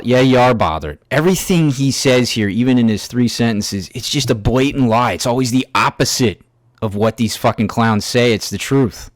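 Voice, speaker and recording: An angry man rants through a reaction video and swears in nearly every sentence, stopping and restarting as he talks. His pitch sits in the middle range. The sound is dry and close, with no room echo. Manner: angry, heavily profane ranting; halting, with restarts and fillers. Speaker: YouTube commentator. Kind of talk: ranting reaction commentary.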